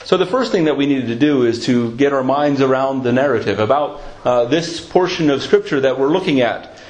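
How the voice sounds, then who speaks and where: A man's voice: mid-range voice, expressive, brisk, darkish tone. A man preaching a sermon, retelling a scripture story in a storytelling manner and lifting his voice at dramatic moments. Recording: roomy echo.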